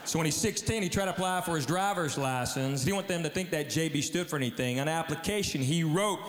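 A man's voice: fairly high pitch, fast, a little hiss or hum. Man doing echoey live stand-up. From Tennessee, US. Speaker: stand-up comedian. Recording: echoey hall, live stage ambience.

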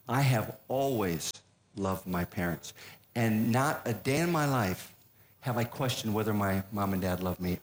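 An older man telling a humorous personal story as a speaker, folksy, with deadpan punchlines and frequent restarts. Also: lowish voice. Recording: echoey room with faint noise.

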